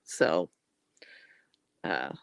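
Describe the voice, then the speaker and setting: A woman from the Southern United States, speaking with a Southern US accent and drawn-out words, chats casually with viewers as a livestream host. She is folksy and affectionate, calling people honey and blessing their hearts, and there is no room sound.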